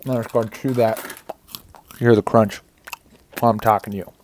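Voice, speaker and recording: A man's voice: fairly low pitch, steady tone, brisk, darkish tone, slight background noise. A man narrating a commentary track over his own video in a casual, profane style. He groans, hums and sighs as the heat of the chili peppers hurts him. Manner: casual, swears often, groans and hums through pain.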